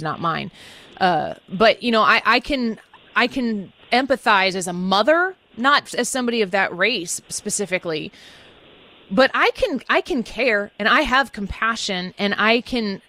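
A woman's voice: medium pitch, bright, forceful tone. A woman hosting a talk discussion, speaking candidly and searching for her words.

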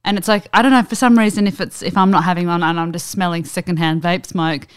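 A woman's voice: on the low side, steady tone, quick pace, clean tone. A woman, co-hosting a podcast in casual chat, laid-back and teasing with some swearing. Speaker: podcast co-host.

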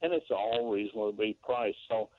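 A man's voice: lowish voice, normal speed, a little hiss or hum. Rambling older man on a phone line. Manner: rambling, searches for words. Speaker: radio caller. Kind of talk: call-in chat.

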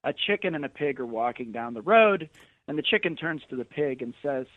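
Animated man on a tinny phone line. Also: mid-range voice, a little fast, no echo. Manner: animated storyteller, mocking quoted voices. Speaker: guest commentator. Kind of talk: phone-in radio interview.

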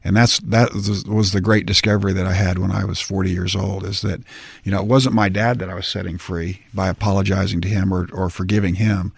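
A man in his sixties, a guest on an interview, answering in a measured, halting way with many pauses and fillers. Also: low-pitched, flat delivery, creaky, breathy edge, dry recording. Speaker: guest, retired athlete turned politician.

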